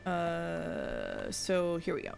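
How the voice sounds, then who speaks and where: A woman's voice: lowish voice, wildly swooping pitch, extremely slow, gravelly. A woman streaming a life-sim game, chatting casually, reading chat messages aloud and often trailing off and restarting her sentences. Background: faint game music.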